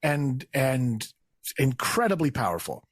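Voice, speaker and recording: Animated, husky man telling a wild story. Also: medium pitch, a little slow, dry recording, clean studio sound. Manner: animated, acts out quotes in raised voices, laughs while telling. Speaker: guest storyteller. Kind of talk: casual comedic storytelling.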